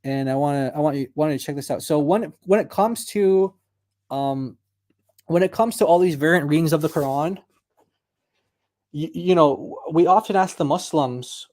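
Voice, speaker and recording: A man hosting a casual online discussion, chatty and quick to laugh as he reads out clips. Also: on the high side, darkish tone. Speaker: discussion group host.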